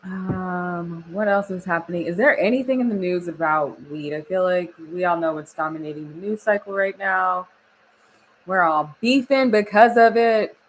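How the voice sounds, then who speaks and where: A woman's voice: lowish voice, moderate pace, a little hiss or hum, rough recording. A young woman from Oklahoma chatting casually on a live stream, laughing often and reading the chat aloud. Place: home studio.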